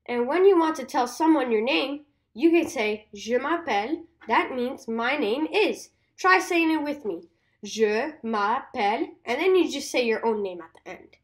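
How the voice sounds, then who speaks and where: Slow, high-voiced cheery teacher woman. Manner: cheery, slow and deliberate, repeats phrases for listeners to say along. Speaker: French teacher for kids. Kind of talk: upbeat scripted kids' lesson.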